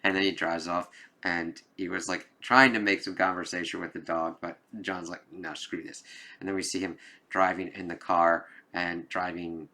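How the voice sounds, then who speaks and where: A man's voice: sits low, level tone, normal speed, bright, forceful tone. A man giving a casual spoken movie review, rambling with lots of fillers and occasional emphatic cursing. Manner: rambling, loose, lots of "like" and "kind of". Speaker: film reviewer.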